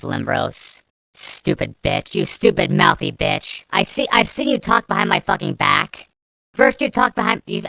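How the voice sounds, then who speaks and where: A woman's voice: fairly low pitch, sharp tone, clear, resonant tone, dry recording. A young woman telling a story as a vlogger, ranting angrily and swearing a lot, rambling with restarts. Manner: angry, profane, rambling with restarts. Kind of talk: storytime rant.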